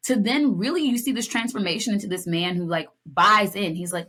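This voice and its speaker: A young woman co-hosting a podcast in casual chat, telling stories with lively acted-out lines and playful asides. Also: medium pitch, brisk, few pauses. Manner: animated storytelling, acts out lines, playful. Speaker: podcast co-host.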